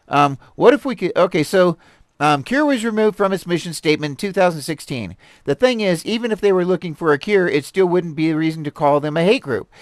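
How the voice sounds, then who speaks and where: A man hosting a stream and reading articles aloud, rambling and animated, with many fillers, restarts and laughs. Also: on the high side, no echo, studio quality. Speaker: host reviewing articles. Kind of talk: casual commentary on a live stream. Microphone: desk mic with a stream deck.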